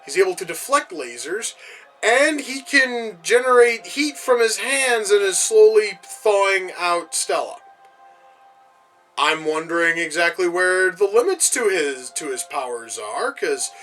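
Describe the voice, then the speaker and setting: A man's voice: high-pitched, expressive, measured pace, sharp tone, soft background music, poor audio. A man giving casual reaction commentary on a film, with profane, exasperated rants. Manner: profane, exasperated ranting asides. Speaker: movie reviewer.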